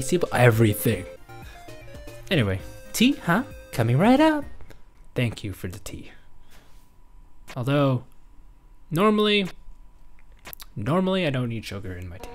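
A chatty young woman hosting a game let's play, wandering into giggly tangents. Her voice is low but very lively in pitch. Faint music runs underneath. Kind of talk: casual let's play commentary.

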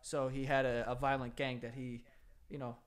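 A man's voice: mid-range voice, flat delivery, moderate pace. A young man co-hosting a podcast, chatting casually and profanely with plenty of laughter. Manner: laughing, profane, playfully indignant. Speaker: podcast co-host. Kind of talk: casual comedic chat.

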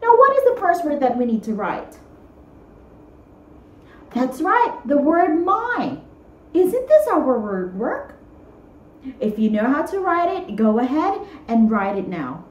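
A woman's voice: high-pitched, big pitch swings, echoey room, poor audio. Patient sing-song woman teaching small children. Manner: slow, patient, sing-song teacher talk, stretching words out. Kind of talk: guided writing lesson for young children.

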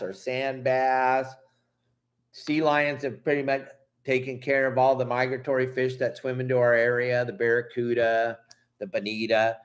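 A middle-aged man from Southern California hosting a fishing channel, ranting angrily and emphatically, swearing and apologizing. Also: medium pitch. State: upset. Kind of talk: heated vlog rant.

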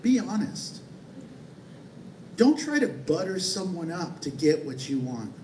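A man's voice: fairly high pitch, sing-song, measured pace, mellow, slight background noise. A man pastor, preaching a sermon in a conversational way with playful asides. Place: church sanctuary. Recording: echoey church hall from far off.

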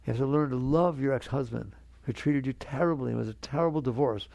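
A man's voice: mid-range voice, fast, vocal fry, a little mellow, no room sound. A man giving a spiritual talk to an audience, earnest and conversational, coaxing his listeners along. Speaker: spiritual teacher.

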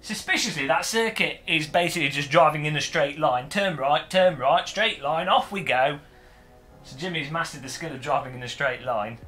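A man's voice: a little high, normal speed, bright, forceful tone, faint music behind. A man on a casual livestream, joking, swearing and mocking himself while setting up gear. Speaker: streamer.

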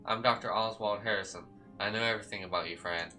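A smug, scheming old doctor who lectures calmly, as a man reads him. His voice is lowish yet very bright and forceful. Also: fast talker, soft background music, rough recording. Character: cold older male doctor, scheming and smug.

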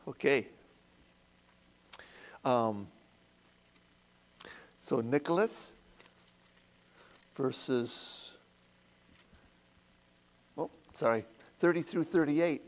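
A man leading a church Bible study, retelling the story in a conversational way and asking the group questions. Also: mid-range voice. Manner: unhurried, conversational storytelling with acted quotes.

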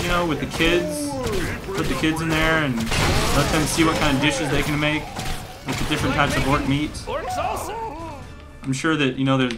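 A man giving rambling, joking let's play commentary, breaking into mock rage and laughter. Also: on the high side. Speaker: gaming commentator. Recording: game music playing behind.

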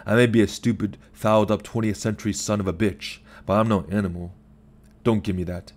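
A man's voice: fairly low pitch, steady tone, brisk, darkish tone, close to an everyday voice. A man voicing an agitated lawyer who swears and rants in self-pity on the phone. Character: bitter drunk-sounding male lawyer, ranting.

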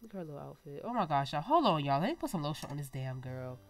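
A young woman hosting her own gaming channel, chatting excitably to viewers over gameplay while her nose is stuffy. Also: low-pitched, fast talker. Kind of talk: casual gameplay commentary.

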